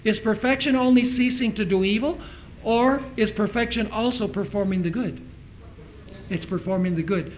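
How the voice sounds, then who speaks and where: A man's voice: high-pitched, a little hiss or hum, low-quality recording. A middle-aged man preaching a sermon in a church, reading scripture aloud and asking the congregation rhetorical questions. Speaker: pastor.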